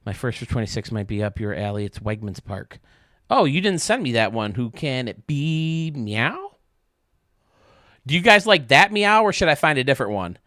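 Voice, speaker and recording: Male streamer, casual and joking, cusses, dry close sound, mid pitch. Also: big pitch swings, brisk, bright, forceful tone, no echo. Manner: chatty, joking, swears freely, talks to viewers by name. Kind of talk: casual live-stream chat while gaming.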